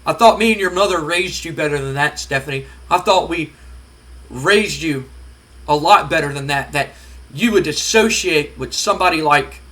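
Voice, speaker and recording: A man's voice: a little high, moderate pace, bright, forceful tone. A man voicing a stern, snobbish wealthy father who scolds his daughter with a stammer. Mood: scolding.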